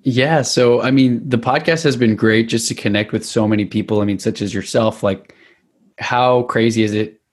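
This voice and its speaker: An American man talks casually over a video call. His voice sits in a middle pitch, and he speaks with upbeat energy. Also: steady tone, moderate pace. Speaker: podcast guest. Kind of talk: casual chat.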